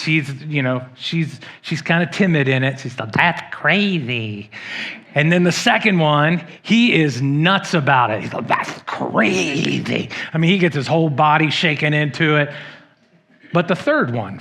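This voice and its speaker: A man's voice: on the high side, fairly bright tone. A middle-aged male pastor preaching a sermon in a church, telling stories with self-deprecating humor and acting out quotes. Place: church sanctuary.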